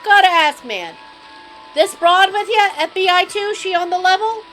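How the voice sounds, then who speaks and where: A woman's voice: very high-pitched, moderate pace, fairly bright tone, faint music behind, pitched above the performer's own voice. A woman voicing a brash male mobster informant with a put-on New Jersey accent, swaggering and sleazy. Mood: explaining. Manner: swaggering, sleazy tough-guy drawl.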